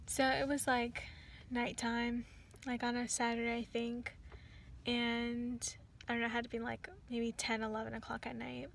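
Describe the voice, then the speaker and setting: A woman's voice: a little high, normal speed, vocal fry, a little hiss or hum. A young woman telling a story about a rideshare passenger in a casual, rambling way, full of "like" and restarts. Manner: rambling, many "like"s and restarts, quotes others in lively bursts.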